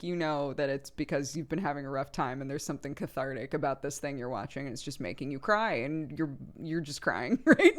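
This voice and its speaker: A young adult woman streams and chats casually with her viewers. She laughs a lot, and her pitch leaps upward whenever she gets excited.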